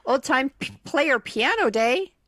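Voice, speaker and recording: A woman's voice: high voice, expressive, unhurried, fairly bright tone, no echo, studio quality. A woman co-hosting a morning radio show, talking casually with many ums and a wry humor. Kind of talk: casual on-air banter.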